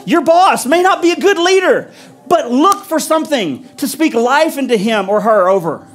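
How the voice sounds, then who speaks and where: A man preaching a sermon in a high, ringing voice, building each point through punchy repetition. Faint music plays underneath. He leads a prayer in the same high voice. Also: expressive, moderate pace. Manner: emphatic, repetitive preaching cadence. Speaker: pastor.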